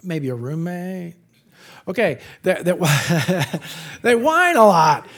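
A middle-aged man preaching a sermon to college students, animated and jokey, slipping into funny voices for the people he mocks. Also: sits high, unhurried. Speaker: campus pastor.

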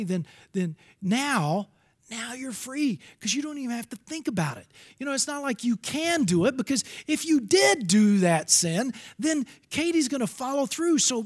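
A middle-aged man preaching a sermon, earnest and storytelling, acting out bits of dialogue. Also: extremely high pitch.

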